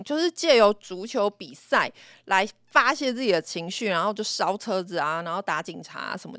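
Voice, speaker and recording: A woman's voice: medium pitch, no echo, clean studio sound. A woman from Taiwan, co-hosting an English lesson and explaining chattily with English words mixed in. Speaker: co-host English teacher. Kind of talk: casual bilingual lesson chat.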